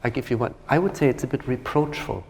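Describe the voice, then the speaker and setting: A man's voice: mid-range voice, quick pace, vocal fry, darkish tone, slightly rough. A man teaching a violin masterclass, speaking thoughtfully with hesitant phrasing and singing phrases to demonstrate. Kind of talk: masterclass coaching. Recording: reverberant hall with violin music.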